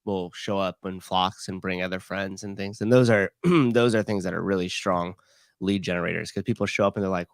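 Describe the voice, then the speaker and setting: A man's voice: low voice, steady tone, fairly quick, no room sound, clean studio sound. A man calling in to a podcast, explaining his gym's events in an easygoing way with many fillers. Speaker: caller, gym owner. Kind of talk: casual call-in chat.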